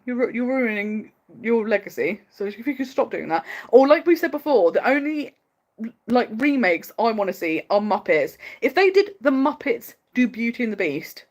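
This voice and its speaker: A woman hosting a casual livestream, chatting in a loose, rambling way. Her fairly high voice swoops up and down with lots of animation. She is opinionated and laughs often. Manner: chatty, fast-flowing, many "like" fillers. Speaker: livestream host.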